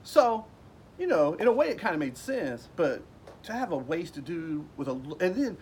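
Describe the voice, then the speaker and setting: A man recounts a story from his past in a loose, rambling way, slipping into the voices of the people he quotes. His voice sits a bit higher than most men's. A faint background hiss runs under the recording. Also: very animated, normal speed, a little mellow. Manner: rambling, with fillers and restarts, acting out quoted people. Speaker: vlogger telling a personal story. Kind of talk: casual storytelling. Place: at home.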